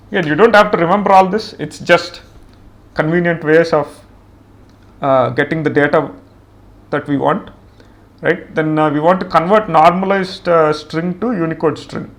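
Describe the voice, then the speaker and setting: A man teaching a programming tutorial, explaining step by step and thinking aloud with frequent "uh" fillers as he works through code. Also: fairly high pitch. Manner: thinks aloud with many "uh" fillers and pauses while typing; explains step by step in a plain conversational way. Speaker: programming instructor. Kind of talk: screen-recorded coding tutorial.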